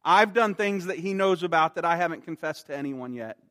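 A man preaching a sermon in an earnest way, growing soft and slow on quoted words. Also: on the high side, lively intonation, in a large hall. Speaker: pastor.

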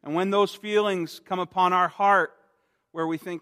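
A man preaching a sermon in an earnest way, growing soft and slow on quoted words. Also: high-pitched, fairly even intonation, in a large hall. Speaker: pastor.

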